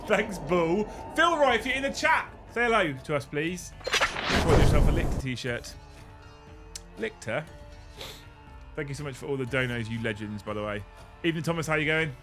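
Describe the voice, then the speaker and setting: Young guy streaming, kinda high voice, cracking jokes n swearing, thanking chat, bit of music behind. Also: animated, measured pace, pauses often. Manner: joking, swearing, thanking viewers, laughing a lot. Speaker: livestream host. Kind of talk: casual live-stream chat.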